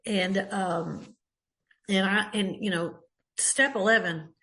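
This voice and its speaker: An older Texan woman with a Texas accent shares her personal story at a recovery meeting. She talks slowly in a mid-range, slightly bright voice, with a folksy, chatty manner full of fillers and restarts.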